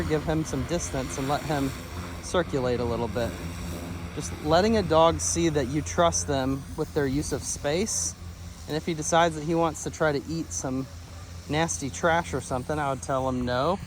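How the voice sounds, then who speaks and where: Upbeat male dog trainer outdoors. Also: background noise. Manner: upbeat, encouraging, praises dogs in a high sing-song voice. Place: outdoors beside a car.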